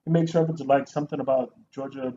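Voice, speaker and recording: A man co-hosting a casual movie review show, talking in an animated, profane way and mimicking actors. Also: mid-range voice, racing. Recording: dull lo-fi sound with faint noise.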